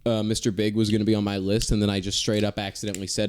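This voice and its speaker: A man's voice: on the low side, steady tone, rapid-fire, hardly any pauses, background noise. A young man co-hosting a comedy podcast, rambling casually with hesitant restarts. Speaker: podcast co-host.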